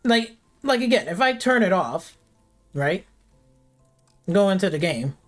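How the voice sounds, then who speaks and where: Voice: mid-range voice, very animated, a little slow, soft background music. A game streamer ranting in casual live commentary, swearing freely and sarcastic, faking panic and often repeating words. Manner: profane, sarcastic, mock panic.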